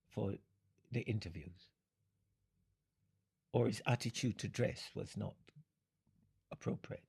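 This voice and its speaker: An older man from Jamaica, speaking in an interview, unhurried and fond of analogies, often breaking into laughter. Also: medium pitch, creaky, warm tone, breathy edge. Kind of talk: reflective storytelling.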